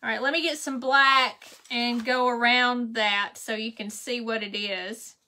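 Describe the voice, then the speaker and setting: Woman, craft stream host, high bright voice, relaxed slow chat, friendly thank-yous to viewers. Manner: chatty, thanks viewers by name, laughs often. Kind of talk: casual live chat while painting.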